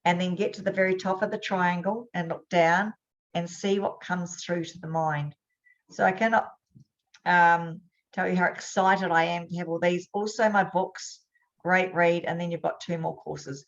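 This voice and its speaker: A woman's voice: lowish voice, steady tone. A woman hosting a webinar as a hypnosis trainer, talking in an upbeat, chatty way. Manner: upbeat, chatty, quick bursts. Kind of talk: casual webinar talk. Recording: dull lo-fi webinar audio.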